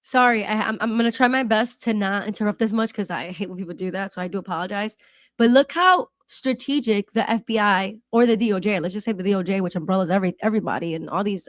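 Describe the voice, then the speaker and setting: A woman's voice: mid-range voice, no echo, clean studio sound. A woman hosting a reaction video, talking casually in a worked-up, rambling way with frequent restarts and apologies. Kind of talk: casual commentary.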